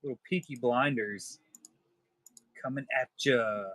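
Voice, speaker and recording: A man's voice: medium pitch, a little slow, a bit bright, dry recording. Joking man hosting a live stream. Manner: joking, chatty with viewers. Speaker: livestream seller host. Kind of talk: casual live-stream chat.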